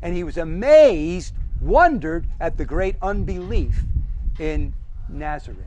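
A man's voice: a little high, lively intonation, slow, darkish tone, a little hiss or hum, rough recording. A man preaching a sermon with emphasis, listing his points one by one and asking the audience questions.

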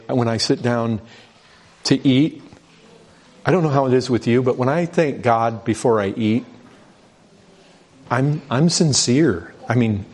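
A middle-aged pastor preaches in a conversational way, stumbling over restarts and repeated words as he reads scripture aloud and builds urgency. His voice is medium-pitched with a darkish tone.

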